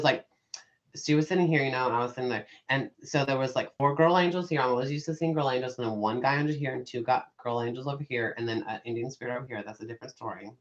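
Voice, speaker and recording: A man hosting a casual chat as a psychic medium, telling rambling, animated stories full of fillers and swearing. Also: mid-range voice, muffled recording.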